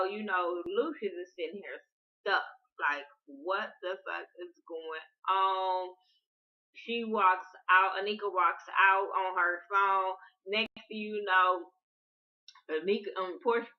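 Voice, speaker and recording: An expressive woman recaps a TV episode in a loose, chatty way, full of swearing and mock quotes. Her voice sits at an ordinary middle pitch. The home recording sounds a little dull and lo-fi. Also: normal speed. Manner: animated, profane, acts out quotes with laughter. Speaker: TV recap vlogger. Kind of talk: casual episode review. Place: home room with a heater running.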